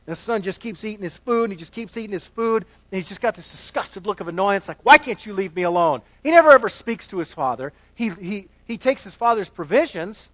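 High-voiced preacher with dry close sound. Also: male voice, lively intonation, fairly quick, hardly any pauses, no room sound, rough recording. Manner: dynamic, swings between hushed asides and loud emphatic passages; repeats words and restarts while building a point. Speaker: pastor. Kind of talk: sermon.

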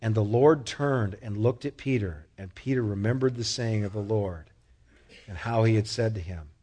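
A man preaching a sermon in a conversational way, asking the listeners questions and growing animated as he tells stories. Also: lowish voice, normal speed, husky. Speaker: pastor.

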